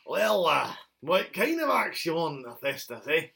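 A man voicing a haggling Scottish dwarf blacksmith in a low, drawling, wheedling way. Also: sing-song, unhurried, creaky, sharp tone, heavily acted. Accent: Scottish, put on.

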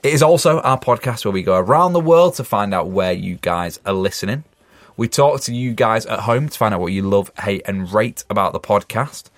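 A man's voice: on the low side, normal speed, dry recording. A man hosting a podcast, giving upbeat, presenter-like introductions. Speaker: podcast host. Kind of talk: casual podcast chat.

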